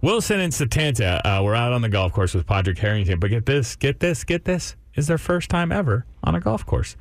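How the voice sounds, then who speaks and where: Lively joking male radio co-host. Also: mid-range voice, a little fast, no room sound. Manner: animated, joking, stumbles over words. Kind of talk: casual morning radio banter. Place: radio studio.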